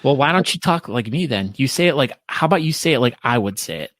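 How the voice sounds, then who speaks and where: A man co-hosting a casual podcast, teasing and joking with his partner. His pitch moves in a lively way. The sound is dry and close. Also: fast, dry recording. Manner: teasing, playful banter. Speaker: podcast co-host. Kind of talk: casual chat.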